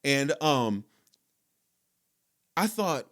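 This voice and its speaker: A man hosting a podcast, telling a personal story in a relaxed, conversational way. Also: medium pitch, unhurried. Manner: relaxed, conversational, lots of fillers. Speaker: podcast host. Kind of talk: casual storytelling.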